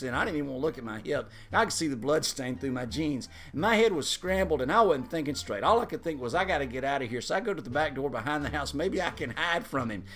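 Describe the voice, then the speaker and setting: A man telling a funny personal story in a casual, animated way and chuckling through it. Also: mid-range voice.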